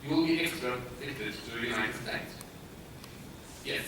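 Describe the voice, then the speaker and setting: A man with a Polish accent giving a conference talk, speaking haltingly with many filler sounds and restarts. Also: mid-range voice. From Poland. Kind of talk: conference presentation. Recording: echoey hall, distant mic, noisy.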